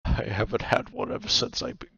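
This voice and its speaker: A man's voice: medium pitch, huge pitch swings, a little fast, creaky, bright, forceful tone, husky, dry recording, voice pushed up, exaggerated voice. A man voicing a remorseful male nightmare spirit living in a cloak, who stammers and apologizes, on a dull, dry, lo-fi recording. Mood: flustered.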